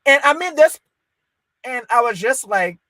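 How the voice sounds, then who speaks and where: A man's voice: very high-pitched, animated, measured pace, pushed and bright, no room sound. A man, hosting a talk show and telling a personal story in casual conversation, acting out the dialogue he quotes. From Liberia. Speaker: podcast host.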